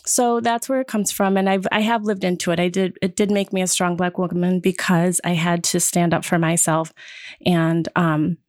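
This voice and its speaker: A woman's voice: lowish voice, normal speed, no echo, clean studio sound. A woman in her fifties from Wisconsin, telling personal stories in a casual group talk and acting out the voices of people she quotes. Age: 50s. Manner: lively storyteller, acts out quoted voices. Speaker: podcast guest sharing her story.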